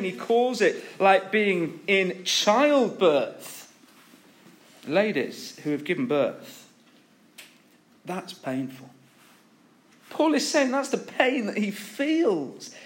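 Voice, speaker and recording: A man preaching an earnest, emphatic sermon, telling stories between his points. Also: sits high. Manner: earnest, emphatic, with storytelling asides.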